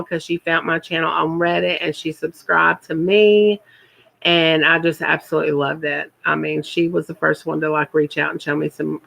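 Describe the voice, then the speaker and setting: A woman's voice: fairly low pitch, vocal fry, pushed and bright, rough recording. A woman, chatting casually on her first live stream and repeating words for emphasis.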